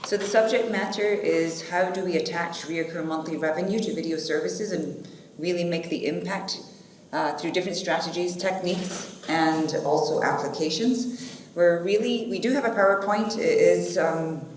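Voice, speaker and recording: Give me a woman with a lowish voice moderating a panel in an echoey conference room. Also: moderate pace. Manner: chatty, informal, uses fillers. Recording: echoey conference hall, faint noise.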